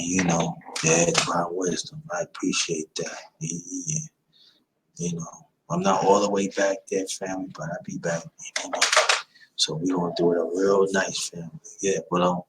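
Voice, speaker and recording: A man's voice: low-pitched, normal speed, vocal fry, noisy background. A man in his fifties hosting a livestream, giving an emphatic, repetitive motivational talk. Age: 50s. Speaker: livestream host.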